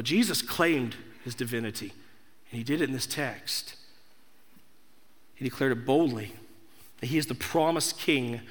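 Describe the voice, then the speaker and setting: A man's voice: a little high, fairly bright tone. A young man preaching a sermon as pastor, emphatic, building through repeated declarations. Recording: echoey hall.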